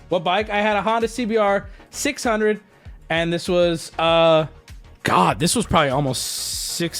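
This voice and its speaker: A man streaming live, ranting casually to his chat with animated swings between mock outrage and joking. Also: fairly high pitch.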